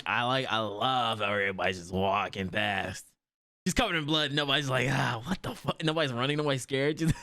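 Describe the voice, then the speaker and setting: A man reacting to an anime episode in casual commentary, swearing and laughing often and jumping into high yelps when startled. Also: fairly bright tone. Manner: frequent laughter and profanity.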